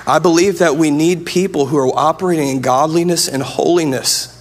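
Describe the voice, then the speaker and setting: A man's voice: on the high side, brisk, noisy background. A man preaching a sermon as pastor, earnest and conversational, often restarting his sentences.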